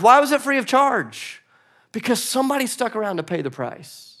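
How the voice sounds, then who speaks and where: A pastor, a man in his thirties, preaching a sermon in a conversational, animated way with playful asides. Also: high-pitched. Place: church stage.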